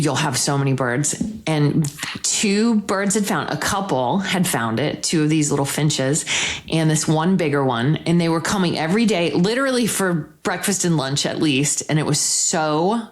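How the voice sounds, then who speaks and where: A woman chatting as a podcast guest, telling rambling stories and giggling often. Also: low-pitched. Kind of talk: casual chat.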